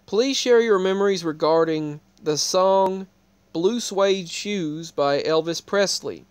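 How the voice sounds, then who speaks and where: A man with a fairly high, smooth and clear voice chats casually to his viewers. He rambles and restarts his sentences as he points them to things on the screen. The sound is close and dry, with no room echo. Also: slow. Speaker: video creator. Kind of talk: casual talk to camera.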